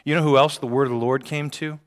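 A man's voice: fairly high pitch, steady tone, quick pace. A man preaching a sermon, reading scripture aloud and repeating key phrases for emphasis. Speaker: pastor. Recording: long hall reverb.

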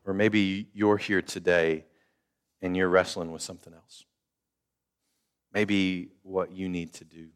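A man's voice: sits low, level tone, slow, long pauses, smooth. An older man preaching a sermon as pastor, conversational, repeating phrases and acting out the voices of the people in his story.

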